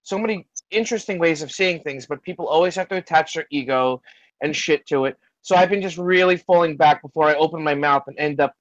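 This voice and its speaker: A man's voice: on the high side, fairly quick, no room sound. A man rambling in a loose, casual chat on a video call, swearing freely. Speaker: hangout participant. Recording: dull lo-fi sound in a dry space.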